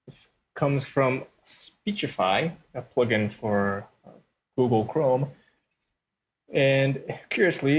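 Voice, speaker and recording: A man hosts a let's-play with relaxed commentary, explaining each choice step by step. His voice sits at a middle pitch. A faint background hiss sits under his voice. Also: low-quality recording. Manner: explanatory, walks through design choices step by step. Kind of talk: casual game commentary.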